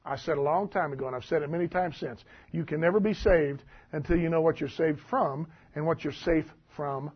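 A man preaching a sermon, reading scripture aloud and commenting on it in a folksy, animated way. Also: on the high side, fairly quick, hardly any pauses, breathy edge. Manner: folksy, animated, laughs at the text. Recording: dull lo-fi recording.

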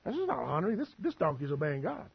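A man's voice: on the high side, wildly swooping pitch, quick pace, gravelly, breathy edge, lo-fi sound. A man preaching a sermon as pastor, folksy and full of asides and humor.

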